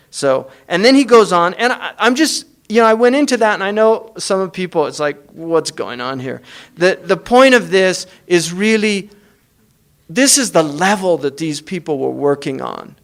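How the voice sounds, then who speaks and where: Man teaching in a slightly high voice. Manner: conversational, switches between rapid Arabic recitation and English explanation. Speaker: Islamic studies teacher. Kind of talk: informal lecture explaining a classical text.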